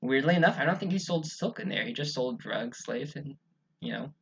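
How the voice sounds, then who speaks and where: Bright, giggly co-host, retells stories with playful put-on voices. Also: mid-range voice, lively intonation, a little fast, gravelly, low-quality recording. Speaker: podcast co-host. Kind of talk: casual comedic storytelling.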